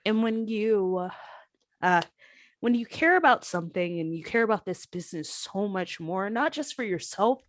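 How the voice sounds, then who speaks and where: A woman, a professional wrestler, telling candid stories in an interview and acting out past conversations with lively shifts. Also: mid-range voice, moderate pace, no echo. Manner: animated, acts out past conversations in her stories.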